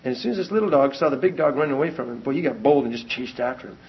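A man preaching a sermon, telling stories with lively animation and repeating lines for emphasis. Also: mid-range voice, very fast, breathy edge. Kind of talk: sermon with personal storytelling. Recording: dull lo-fi recording.

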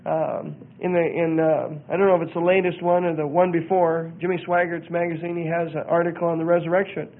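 High-voiced man preaching over tinny radio. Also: little pitch movement, a little fast, few pauses. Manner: earnest, reads out and comments, acts out quoted voices. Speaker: preacher teaching on religion. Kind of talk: radio sermon-style teaching. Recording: narrow phone-like radio sound.

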